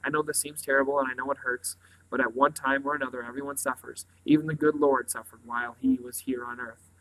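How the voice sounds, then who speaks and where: A gentle farm mother soothing her grieving son, as a man reading a storybook puts her on. She speaks softly and kindly, in a bright but quiet tone. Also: mid-range voice, level tone, quick pace, lightly acted, poor audio.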